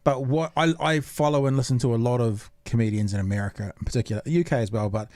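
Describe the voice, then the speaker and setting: A man's voice: mid-range voice, fast talker, a little mellow, dry recording, studio quality. A man hosting a casual podcast interview, asking long rambling questions. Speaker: podcast host.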